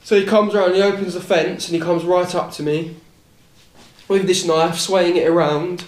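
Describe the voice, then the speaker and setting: A man's voice: sits high, steady tone, moderate pace, echoey room. A young man on a casual podcast, telling a rambling story, repeating words and swearing casually. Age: young adult. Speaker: podcast host.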